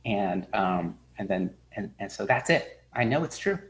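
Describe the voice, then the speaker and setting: A man's voice: fairly low pitch, expressive, unhurried, pitched below the performer's own voice, poor audio. A man voicing a proud, flustered young male monk who whines in exasperation. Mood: indignant. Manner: whiny, exasperated, overwrought.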